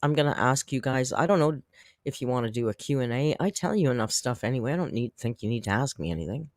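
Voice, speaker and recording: A man's voice: mid-range voice, animated, quick pace, no room sound, clean studio sound. A man hosting a casual livestream, chatting with viewers in a rambling, self-deprecating way and laughing often. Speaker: YouTube commentary host.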